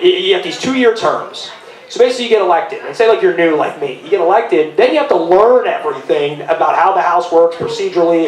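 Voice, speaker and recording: A man hosting a casual live podcast in a bar, talking fast with lots of restarts. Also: fairly high pitch. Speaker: podcast host. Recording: echoey live room.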